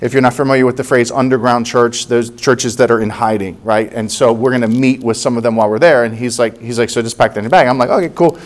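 A man in his forties, from the United States, preaching by telling a story from his own life. He acts out each person's lines and laughs at the funny parts. His voice sits at an ordinary middle pitch. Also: steady tone, fast talker, hardly any pauses. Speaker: pastor. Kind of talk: sermon storytelling.

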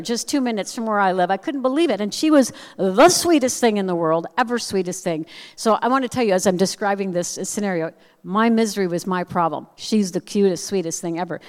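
A woman speaker giving a personal storytelling message with animated, self-deprecating humor, acting out the voices of people in her story. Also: medium pitch. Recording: long reverb of a large hall.

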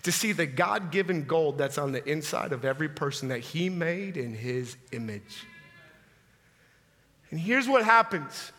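A man in his thirties preaches in an animated, confrontational style. His voice is high and very bright. It echoes with a long tail through a large church hall. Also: measured pace. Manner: animated storytelling, direct and confrontational. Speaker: pastor. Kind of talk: sermon.

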